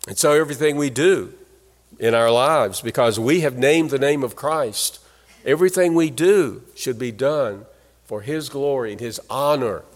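A man's voice: medium pitch, moderate pace. A man preaching a sermon in an earnest, emphatic way, leaning hard on key phrases. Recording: long hall reverb.

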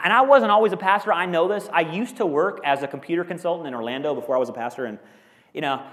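A middle-aged man preaches a lively, jokey sermon. His voice sits a little high for a man and keeps jumping up into loud emphatic bursts before settling back to a casual, chatty tone. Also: in a large hall. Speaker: pastor.

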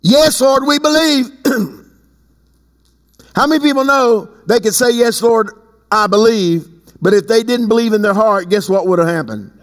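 A man preaching a sermon as pastor, swinging between slow emphatic stretches and sudden high leaps. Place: church sanctuary. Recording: long hall reverb.

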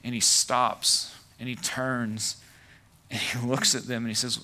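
Pastor guy preaching, chatty with lots of "like" and "right", bright clear voice. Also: medium pitch, level tone, measured pace. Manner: conversational preaching with many "like" and "right" asides. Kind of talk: sermon.

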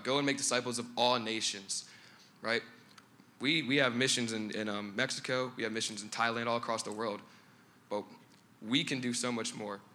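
A man's voice: medium pitch, sharp tone. A young man sharing an earnest church testimony about a retreat, with some fillers and restarts.

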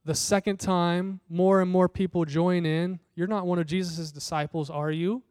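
Smooth-voiced male preacher, high and dry. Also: fairly even intonation, moderate pace, a little mellow, no echo. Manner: conversational storytelling, voicing the people in the scripture. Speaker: pastor. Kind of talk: sermon.

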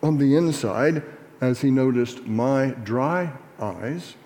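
A man reading a personal memoir aloud in a measured, earnest storytelling manner, in a reverberant room. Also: mid-range voice, mellow, slight background noise. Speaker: reader. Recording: reverberant hall.

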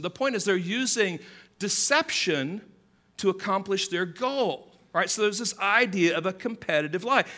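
A male pastor preaching a sermon in an animated way, acting out quoted lines with a louder, higher voice. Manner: animated, acts out quotes with rising pitch and volume.

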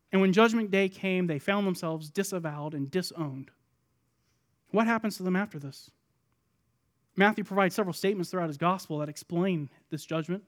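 A man preaching a sermon, acting out the voices of the people in his text, moving between loud pleading lines and soft, low asides. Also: normal speed. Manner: dramatic, voicing the people in the parable. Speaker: pastor.

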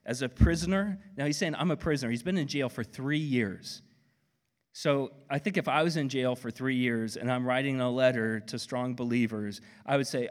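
A pastor with an Oklahoma accent preaches in a lively, conversational way, tossing in playful asides. His voice sits in a middle range for a man. It rings with the long reverb of a large church hall. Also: medium pitch, normal speed. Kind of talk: sermon. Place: church auditorium.

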